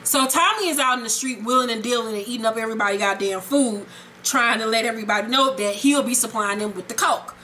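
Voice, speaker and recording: Woman vlogger breaking down a tv episode, bright voice a bit high, swears a ton. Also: fast, a little hiss or hum. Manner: blunt, animated, swears freely. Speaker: TV recap vlogger. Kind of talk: casual, profane episode recap.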